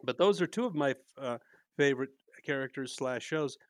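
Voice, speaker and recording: Lively, laughing man telling stories. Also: medium pitch, normal speed, no room sound. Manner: lively storyteller, laughs often. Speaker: podcast co-host, mystery theater actor. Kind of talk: casual chat.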